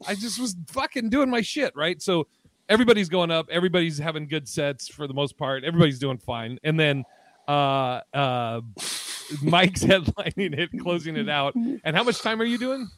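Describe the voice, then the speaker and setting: Brief: male comedy podcast host, animated and profane, dry recording. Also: fairly high pitch, moderate pace, no echo. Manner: profane, animated storytelling, laughs often. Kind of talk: casual chat. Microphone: video call.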